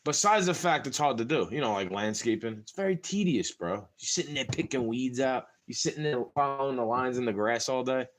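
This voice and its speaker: A man's voice: mid-range voice, expressive, brisk, hardly any pauses. A young man venting in a rambling, casual monologue to camera, frustrated and full of slang. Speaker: vlogger.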